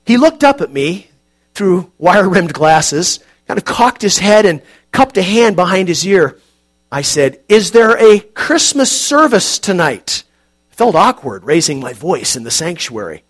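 A man calmly narrating an audiobook in a measured, quiet, reflective way. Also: sits high, husky.

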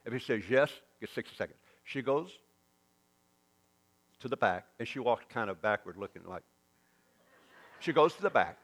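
This preacher has a Southern US accent and a mid-range voice, and moves at normal speed with long pauses. He's an animated storyteller, voicing the quoted lines in his sermon's story.

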